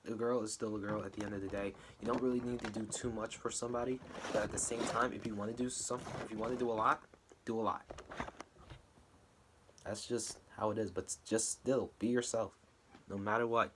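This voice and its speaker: A young man talking casually as he recaps and reacts to a wrestling show, now and then breaking into a high, wailing mock-cry. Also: flat delivery, a little fast, noisy background.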